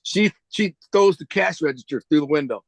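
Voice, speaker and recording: A man guest telling his story in casual street slang, animated and full of quoted dialogue. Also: a little high, moderate pace, vocal fry, dry recording. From United States. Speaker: interview guest.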